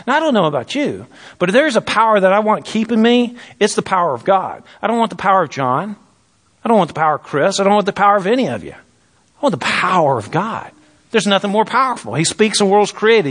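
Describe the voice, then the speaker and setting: Male preacher, slightly high voice, conversational but emphatic delivery. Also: a bit bright. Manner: conversational, emphatic, reads scripture aloud. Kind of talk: sermon.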